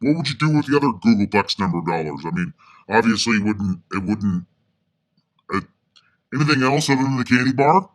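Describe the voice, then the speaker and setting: A man's voice: lowish voice, lively intonation, fairly quick. A man interviewing a guest in a comedic improvised podcast, talking in a folksy, scolding way and repeating his catchphrases.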